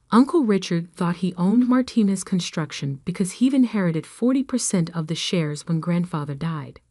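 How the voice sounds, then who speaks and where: Brief: woman narrator, calm measured scripted storytelling, low voice, dry close sound. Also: dry recording.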